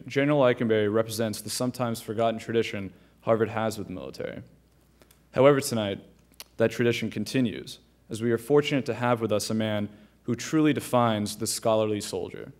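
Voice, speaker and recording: A young man acting as student host, reading a formal, deliberate introduction of a guest speaker. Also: lowish voice, darkish tone.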